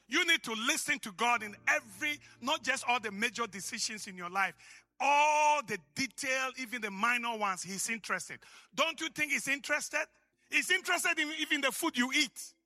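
A man with an African accent preaching a sermon as pastor, emphatic and rising to shouts. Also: extremely high pitch, dry recording.

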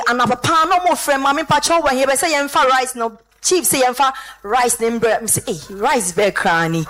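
A woman with a Ghanaian accent giving an animated church testimony, slipping between English and Twi. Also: fairly high pitch, a little hiss or hum, rough recording.

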